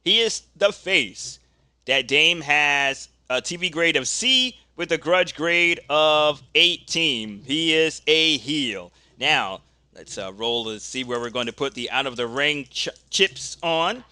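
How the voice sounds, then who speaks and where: A man's voice: on the high side, slow pace, clean tone, no echo. A man casually narrating a tabletop wrestling dice game, reading out rolls and calling the action. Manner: casual, reads dice results aloud, gets excited during the action. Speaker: game host.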